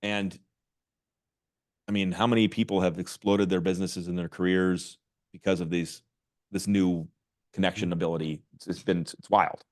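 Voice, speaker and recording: Middle-aged male guest, low voice, lively and restless delivery with many restarts. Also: normal speed, long pauses. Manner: animated, restarts often with repeated words. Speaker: podcast guest, author and marketing executive. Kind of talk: casual interview talk.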